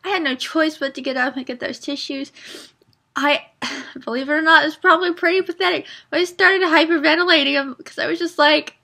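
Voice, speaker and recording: A woman's voice: sits high, steady tone, brisk, gravelly, bright, forceful tone. A woman talking casually in a book review vlog, earnest and rambling with many fillers and restarts, openly emotional and close to tears.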